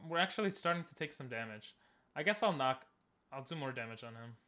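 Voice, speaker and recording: A man's voice: medium pitch, lively intonation, a little fast, pushed and bright. A young man giving casual, joking commentary while streaming a game and talking with chat. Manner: chatty, joking, talks to chat.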